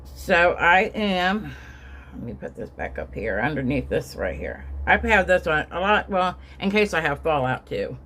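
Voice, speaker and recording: Middle-aged woman, chatty makeup vlogger, lowish voice, rambling storyteller. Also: very animated, a little slow, fairly bright tone. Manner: chatty, rambling, acts out quotes with raised voice. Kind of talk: casual storytelling while doing makeup.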